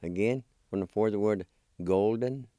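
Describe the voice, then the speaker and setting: A man's voice: lowish voice, a little fast, mellow, clean tone, no echo, clean studio sound. A man teaching a spelling and pronunciation lesson, patiently sounding out syllables one at a time and encouraging his learners. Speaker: language teacher.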